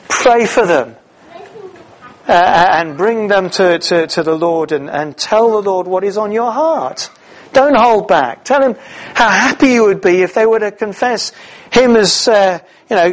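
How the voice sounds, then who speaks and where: A man preaching a sermon in a fairly high voice. He tells the story vividly, full of restarts and little fillers, and pitch rises and falls with each point. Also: poor audio. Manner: animated storytelling with many fillers.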